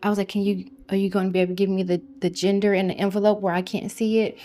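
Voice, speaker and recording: A woman's voice: mid-range voice, little pitch movement, racing. A young woman telling her own story of a hard pregnancy, emotional and dropping to near whispers at the hardest parts. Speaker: testimony speaker. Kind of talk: personal testimony storytelling. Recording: soft music behind.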